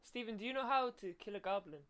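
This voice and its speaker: A woman's voice: mid-range voice, quick pace, a crowd in the background. A woman playing a tabletop game, chatting in a hesitant, questioning way. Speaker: player. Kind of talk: casual chat during a tabletop game.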